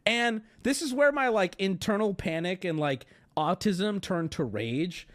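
A man's voice: sits high, lively intonation, a little slow, a bit bright. A man telling a story on his stream as a profane, self-mocking rant, getting heated as it goes.

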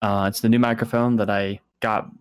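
A man's voice: on the low side, little pitch movement, brisk, clean tone. A young man, a college student, co-hosting a podcast and joking in a blunt, matter-of-fact way. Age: young adult. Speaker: podcast co-host. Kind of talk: casual chat.

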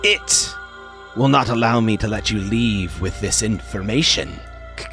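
Treacherous stammering first mate, played by a man, slow and cold. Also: on the low side, expressive, music in the background. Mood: menacing. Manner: stutters on "Captain".

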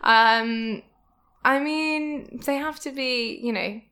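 Giggly woman guest, bright sharp voice, pitched a bit high, just chatting. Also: slow pace. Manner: giggly, laughs often. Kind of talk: casual chat.

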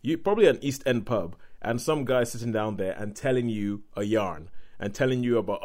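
A man's voice: fairly low pitch, fairly quick, a little mellow. A man hosting a casual film chat, asking guests questions and telling his own views at length. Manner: chatty, leads the talk with questions. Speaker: podcast host.

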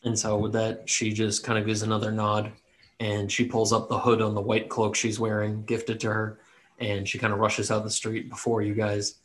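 A man narrating a tabletop game as game master, relaxed and joking. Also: lowish voice, moderate pace.

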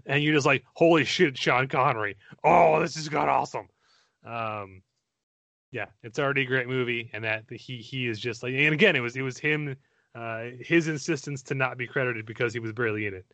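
A man jokes and teases his way through a film podcast in an average-pitched, conversational voice. The sound is dry and close, with no room around it. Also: a little fast, pushed and bright, dry recording. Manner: joking, teasing banter. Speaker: podcast co-host. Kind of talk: casual film-discussion chat.

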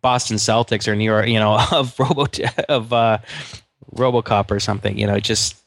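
A man's voice: fairly low pitch, steady tone, moderate pace, vocal fry, no echo. A middle-aged man co-hosting a podcast in casual chat, rambling with many restarts and fillers. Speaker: podcast co-host.

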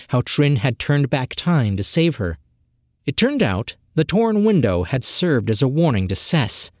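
A professional narrator reads a fantasy story at an unhurried, measured pace. The pitch rises and falls a lot across the lines. The sound is dry, with no room echo. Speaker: audiobook narrator.

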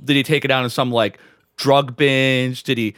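A man's voice: mid-range voice, little pitch movement, moderate pace, fairly bright tone, clear, resonant tone, dry recording, clean studio sound. A man co-hosting a casual movie review podcast, riffing with crude jokes. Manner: crude, joking riffs. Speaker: podcast co-host.

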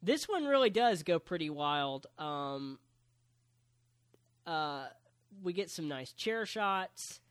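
A man's voice: on the high side, lively intonation, takes it slowly, pauses often, a bit bright, clean tone. A man casually recapping a wrestling show for a podcast, walking through it step by step and dropping in jokes. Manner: joking, play-by-play recap. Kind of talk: casual chat.

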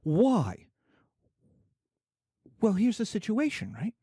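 Animated man lecturing as a professor. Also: sits high, slow, breathy edge, dry recording, clean studio sound. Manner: animated, acts out little scenes, asks and answers his own questions. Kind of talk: lecture to students.

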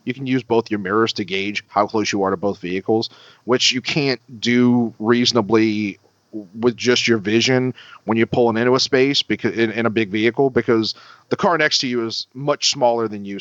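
A man co-hosting a podcast, telling a story in a casual, animated, profane way. His voice jumps high when he quotes himself. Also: moderate pace, dry recording, muffled recording. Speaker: podcast co-host.

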